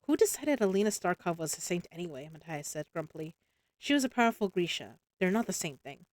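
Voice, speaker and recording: A woman's voice: on the low side, sing-song, quick pace, no room sound. A woman voicing a stern, literal-minded young soldier in a read-aloud story, in her everyday voice. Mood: earnest.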